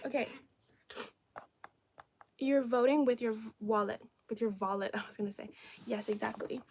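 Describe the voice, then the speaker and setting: A woman's voice: on the high side, moderate pace, darkish tone, slight background noise. Chatty young woman reading live comments. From China. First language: Cantonese. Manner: chatty, answers viewer comments aloud. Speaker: livestream host. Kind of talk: casual livestream chat reading comments. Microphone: phone or camera on tripod.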